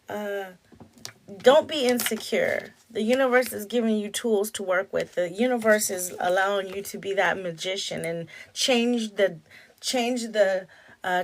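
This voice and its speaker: A woman giving a tarot reading for a zodiac sign, animated, breaking into sung snippets and laughter. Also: mid-range voice, a little hiss or hum. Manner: animated, sings and chants snippets, laughs often. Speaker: tarot reader.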